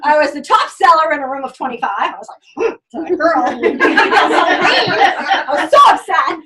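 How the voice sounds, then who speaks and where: A middle-aged woman telling her own story in an animated way, acting out what others said and laughing often. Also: sits high, unhurried, far from the mic, over a noisy crowd, poor audio. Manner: acts out quoted voices, laughs often, lively. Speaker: direct sales consultant telling her story.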